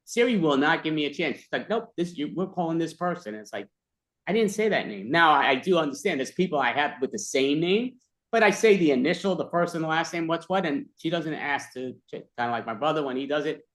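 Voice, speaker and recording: A man's voice: fairly high pitch, expressive, fast talker, a bit bright. A man in casual chat, telling rambling, exasperated stories about his phone.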